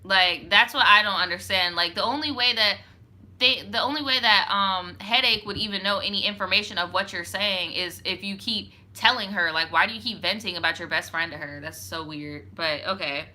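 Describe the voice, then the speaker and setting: Young woman, storytime host, very bright voice, reads viewer story, blunt sassy asides, swears, says "like" a lot. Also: mid-range voice, normal speed. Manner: frank, profane, sassy asides, heavy use of "like". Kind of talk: reading a viewer's story with commentary.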